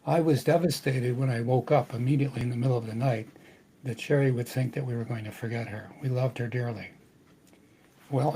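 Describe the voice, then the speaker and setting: An older man telling a personal family story earnestly, with halting restarts. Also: mid-range voice, dark tone, a little hiss or hum, rough recording. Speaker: podcast host.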